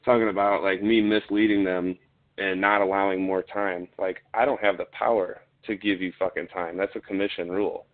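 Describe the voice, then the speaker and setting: A man's voice: low voice, flat delivery, moderate pace. A man telling a story in a casual, blunt way, swearing often and getting heated. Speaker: podcast guest, fighter. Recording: tinny phone-like line.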